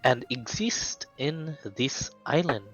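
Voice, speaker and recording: An ancient owl, a watcher of a mysterious island, speaks slowly and gravely, as a man puts it on. Its voice sits mid-range, with faint music playing behind it. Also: medium pitch, a bit bright, lo-fi sound.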